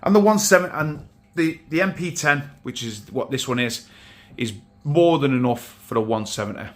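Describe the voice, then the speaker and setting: A man of middle pitch, his voice a little worn as though he has lost it. He chats casually to his viewers indoors at home, rambling and restarting, full of enthusiasm about how fantastic and massive everything is. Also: expressive, normal speed. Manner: rambling, with frequent restarts and repeated words; enthusiastic, keeps saying things are fantastic and massive. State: slightly lost voice. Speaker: aquarium hobby vlogger. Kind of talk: casual unboxing chat to camera. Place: indoors at home beside a large aquarium.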